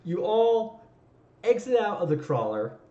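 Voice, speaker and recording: A man's voice: high-pitched, big pitch swings, measured pace, mellow, echoey room, highs cut off. A man running a tabletop game as game master, narrating in a loose, rambling way.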